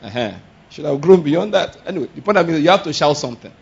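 Male preacher, high husky voice, animated sermon delivery, lo-fi sound. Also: fast talker. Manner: animated, laughing, shouting exclamations, rhetorical questions. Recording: dull lo-fi sound.

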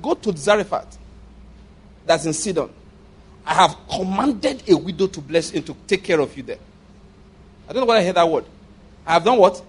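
A man's voice: sits high, husky. A man with a Nigerian accent preaching a sermon, telling stories and acting out the people in them. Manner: animated storytelling, acting out voices with laughter. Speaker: pastor. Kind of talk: sermon with storytelling. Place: church.

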